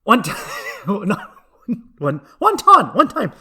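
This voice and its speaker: A man's voice: high voice, wildly swooping pitch, slow, slightly rough, pitched above the performer's own voice, heavily acted. Man doing a clipped, broken-English ride operator. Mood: insistent. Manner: clipped broken English, repeating short phrases.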